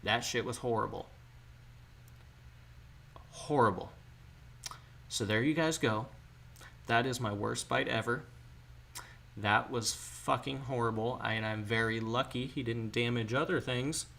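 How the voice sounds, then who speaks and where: A man's voice: medium pitch, normal speed, creaky, bright, forceful tone. A man hosting a casual livestream chat, telling candid stories and swearing freely as he answers viewers. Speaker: livestream host.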